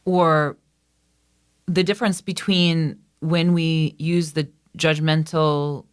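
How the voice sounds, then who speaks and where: A woman podcast co-host and coach asking measured, probing questions. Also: sits low, fairly even intonation, clear, resonant tone, no room sound, clean studio sound. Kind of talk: interview questions.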